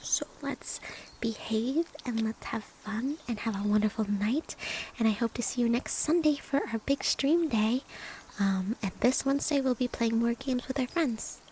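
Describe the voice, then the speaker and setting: A woman ASMR streamer whispering softly in a playful, teasing way as she chats to her viewers. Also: fairly high pitch, normal speed, a little hiss or hum. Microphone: binaural or USB mic.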